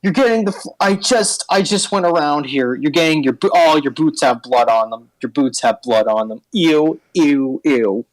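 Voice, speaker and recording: A man's voice: on the high side, moderate pace, few pauses, dry recording, voice pushed up, lightly acted, rough recording. Man doing Janet, a fussy gelatinous cube janitor. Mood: squeamish. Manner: squeamish, chatty, rambling.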